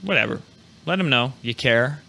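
A man hosting a live video podcast, talking loosely and excitedly, swearing freely. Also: mid-range voice, moderate pace, gravelly. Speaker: podcast host. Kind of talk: casual live podcast chat.

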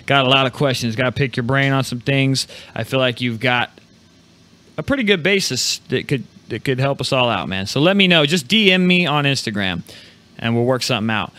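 Man, podcast host, bright voice, casual and excitable, swears a lot. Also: mid-range voice, a little fast. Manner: loose, excitable, swears freely. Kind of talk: casual live podcast chat.

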